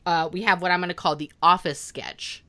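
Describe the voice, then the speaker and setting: A young woman with a bright, forceful voice talks through a comedy show in a loose chat, laughing a lot and jumping into squeaky voices when she quotes people. She sounds lively and at ease. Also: a little fast. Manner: animated, laughing often, acts out quotes in high voices. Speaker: podcast co-host.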